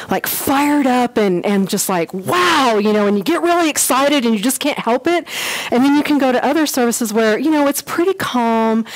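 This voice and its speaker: A woman giving a casual church history class, chatty and animated, with lots of fillers and quick acted-out quotes. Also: on the high side, rough recording.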